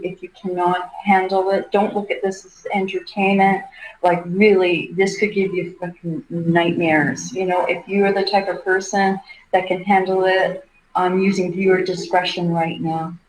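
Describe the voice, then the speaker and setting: A middle-aged woman hosting a livestream, giving a halting, earnest case commentary. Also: fairly low pitch, darkish tone, a little hiss or hum. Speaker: livestream host. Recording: roomy echo.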